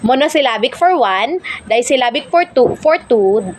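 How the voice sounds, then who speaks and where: A woman with a fairly high voice teaches English, slowing down to sound out each syllable of a word. She restarts often and leans on filler words as she explains. Faint noise hums behind her. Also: lively intonation. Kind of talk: explaining a lesson.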